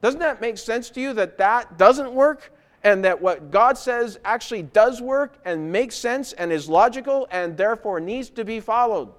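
A man's voice: sits high, animated, normal speed. A man preaching a sermon, explaining scripture and pressing his point with emphatic rhetorical questions. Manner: emphatic rhetorical questions, building to loud insistence.

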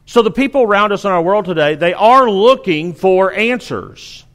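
A male preacher delivers a sermon with a notably high-pitched voice. He speaks earnestly, driving his points home through emphatic repetition. The sound carries a long reverb, as if recorded in a large church hall. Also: lively intonation, moderate pace, fairly bright tone.

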